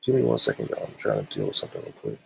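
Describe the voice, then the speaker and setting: A man's voice: very deep voice, huge pitch swings, very fast, creaky, breathy edge, low-quality recording. A man hosting a casual livestream, greeting viewers by name, his voice run through a voice modulator. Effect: voice modulator with a swooshing sound. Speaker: livestream host.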